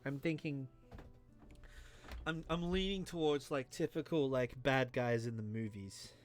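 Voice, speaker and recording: A man's voice: medium pitch, expressive, normal speed, faint music behind. A tipsy man hosting a let's play, rambling, joking, and swearing as he comments on a game.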